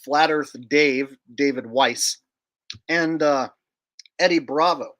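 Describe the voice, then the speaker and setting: A man's voice: fairly high pitch, slow, fairly bright tone. A man hosting a casual livestream, joking and rambling while reading chat aloud. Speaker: livestream host.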